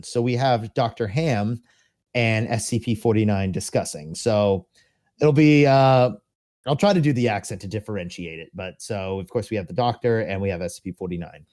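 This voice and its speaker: A man's voice: fairly low pitch, mellow. A man co-hosting a podcast, reading documents aloud and chatting about them, with laughs now and then. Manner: reads text aloud, then chats with frequent laughs. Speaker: podcast co-host. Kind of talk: casual reading and discussion.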